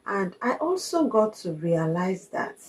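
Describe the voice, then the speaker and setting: A woman's voice: medium pitch, sing-song, unhurried, low-quality recording. A woman, giving a reflective personal monologue as a vlogger, earnest and confiding, repeating her points for emphasis.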